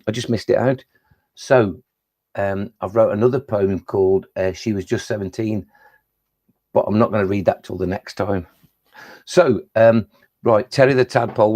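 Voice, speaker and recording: A man's voice: medium pitch, vocal fry, darkish tone. A middle-aged man, a children's poet, chatting jokily between poems in a live reading. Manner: chatty, jokey, self-deprecating. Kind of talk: live poetry reading with chat.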